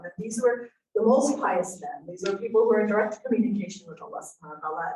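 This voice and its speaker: Female speaker, low-ish register, sincere storytelling tone, off-mic in a roomy space. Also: a little mellow. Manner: earnest, reflective, storytelling. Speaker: speaker at a parenting talk. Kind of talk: inspirational talk. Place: event room. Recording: echoey room, voice from a distance.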